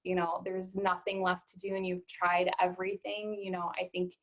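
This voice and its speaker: With a fairly low, level voice at a moderate pace, a woman naturopathic doctor conducts a conversational interview. She is warmly encouraging and keeps emphasizing "absolutely," though the audio sounds dull.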